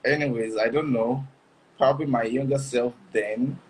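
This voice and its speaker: A man, a guest husband in a casual interview, speaking haltingly with restarts as he reflects on his marriage. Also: mid-range voice, steady tone, slight background noise, rough recording. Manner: halting, many restarts and laughs.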